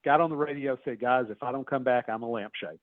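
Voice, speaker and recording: A man's voice: fast talker, crowd noise. A man guest telling a story over a phone call, quoting people in a raised voice. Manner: animated storyteller, acts out quotes in a high voice. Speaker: author guest. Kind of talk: casual storytelling. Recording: tinny phone line.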